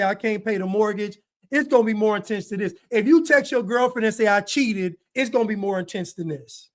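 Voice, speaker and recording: A man giving video commentary, hammering points with repeated rhetorical questions. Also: high voice. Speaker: online commentator.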